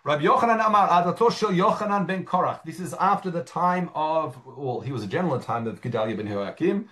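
Lively man teaching a Talmud lesson. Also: on the high side, quick pace. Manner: reads Aramaic phrases then explains them in English, with frequent fillers and restarts. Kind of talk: Talmud study lesson, reading and translating.

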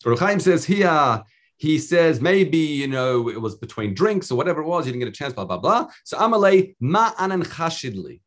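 A man's voice: a little high, sing-song, moderate pace, a bit bright. A man teaching a casual Talmud class, reading the text aloud and explaining it with many restarts. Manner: thinks aloud with restarts, reads Hebrew and Aramaic text then explains.

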